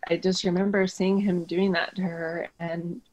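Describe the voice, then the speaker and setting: A woman's voice: on the low side, flat delivery, moderate pace, darkish tone, highs cut off. A young woman vividly recounting a tense personal story in conversation, often saying "like". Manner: vivid, tense retelling, frequent "like". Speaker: guest recounting an attack.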